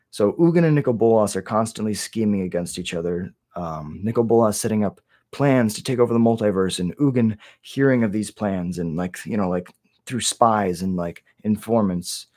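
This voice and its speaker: A man's voice: on the low side, normal speed, a little mellow. A young man casually retelling fantasy game lore, rambling with lots of fillers and restarts. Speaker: lore video creator.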